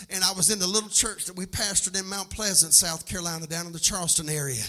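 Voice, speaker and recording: A man preaching a sermon as pastor, alternating a shouting, sing-song cadence with plain storytelling. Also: high-pitched, fairly even intonation, fast talker, soft background music. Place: church sanctuary. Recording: long hall reverb from a live church service.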